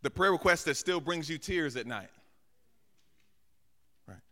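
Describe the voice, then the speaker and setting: Long pauses mark this guest pastor's sermon, delivered a little slowly in a somewhat high, bright, forceful voice with lively intonation. He acts out asides and calls to the congregation in a large sanctuary that adds long hall reverb.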